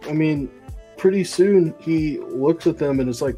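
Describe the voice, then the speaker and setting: A man's voice: fairly high pitch, big pitch swings, moderate pace, dark tone, faint music behind. A man co-hosting a comic book podcast, retelling a story in a rambling, casual way with many ums and likes. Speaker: podcast co-host.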